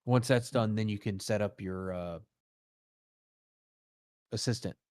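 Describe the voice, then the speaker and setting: A man's voice: fairly low pitch, a little slow, a little mellow, clean tone. A man casually explaining computer setup steps in a directive way. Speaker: tech helper. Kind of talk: casual instructions.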